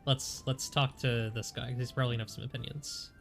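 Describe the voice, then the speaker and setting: A man's voice: medium pitch, fairly even intonation, fast talker, vocal fry. A man streaming a game, congested, chatting casually and joking at his own expense. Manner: chatty, self-deprecating. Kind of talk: casual gameplay commentary. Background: game music.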